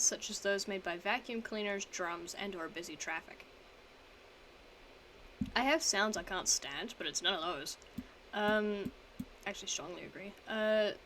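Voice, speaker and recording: A woman's voice: medium pitch, sharp tone, slight background noise, rough recording. A young woman streaming from home, chatting casually as she reads quiz statements aloud and answers them in a rambling, self-mocking way.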